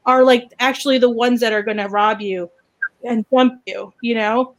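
High-pitched lady going off in a casual podcast chat, super opinionated. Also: moderate pace. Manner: animated, opinionated ranting.

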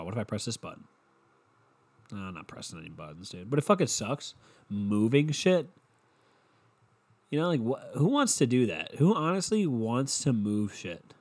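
A young man with a stuffy nose from a cold hosts a solo podcast from his room, rambling, sarcastic and swearing constantly, close on a handheld mic. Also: medium pitch. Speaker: podcast host. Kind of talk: casual solo podcast rant. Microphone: handheld mic held close to the mouth.

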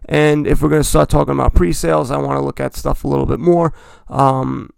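This podcast host speaks fairly quickly in a mid-range, flat, creaky voice with a clean tone. He chats casually and loosely about a hobby, fixing his own words mid-stream, captured in a dry, clean studio recording.

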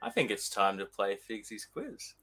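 Australian man, podcast host, upbeat quizmaster, bright tense tone. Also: fairly low pitch, big pitch swings, normal speed. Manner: upbeat, leads the talk and explains rules. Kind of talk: casual podcast chat, quiz hosting.

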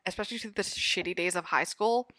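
A young woman chatting with friends, telling stories in a relaxed way. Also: lowish voice, fast, dry recording. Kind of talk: casual chat among friends.

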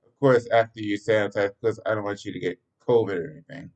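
A man's voice: fairly low pitch, quick pace, darkish tone, close to an everyday voice, rough recording. A man voicing a tired, guilty divorced father in a read-aloud story, speaking awkwardly and with hesitation.

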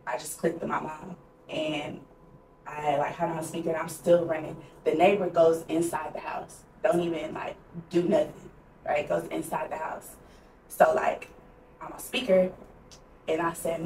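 Young woman podcaster telling her story, kinda low voice, roomy echo, mic a bit far off. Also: level tone, measured pace, darkish tone. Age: young adult. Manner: candid, conversational, heavy use of "like". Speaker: podcast co-host. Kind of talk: casual personal storytelling. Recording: roomy echo, distant mic, faint noise.

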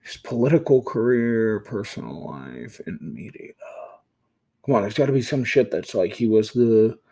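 A man with a medium-pitched voice hosts his show, chatting casually as he plays through a game. He flips between loud, eager outbursts and low muttering to himself. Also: creaky. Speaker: podcast host. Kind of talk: casual live commentary while playing a game.

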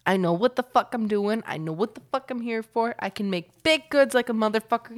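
A woman's voice: fairly high pitch, brisk, hardly any pauses. A woman co-hosting a casual podcast from a home loft, talking brashly and swearing a lot. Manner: brash, boastful, heavy swearing. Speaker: podcast co-host. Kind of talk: casual chat.

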